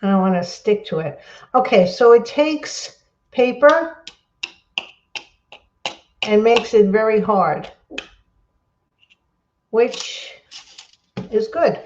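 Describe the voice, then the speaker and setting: A woman with a fairly high voice chats loosely while crafting at home, rambling, excitable and quick to apologize. Her voice carries the roomy echo of the space, and the sound is dull and lo-fi. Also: slight background noise. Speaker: crafting livestream host. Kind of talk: casual chat while crafting and reading viewer comments.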